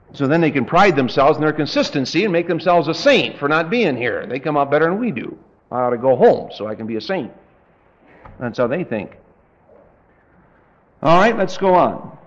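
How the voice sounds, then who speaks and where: A man preaching a verse-by-verse Bible study with dry, folksy humor, reading scripture slowly. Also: fairly high pitch, very animated. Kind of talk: verse-by-verse Bible teaching sermon. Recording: dull lo-fi tape recording.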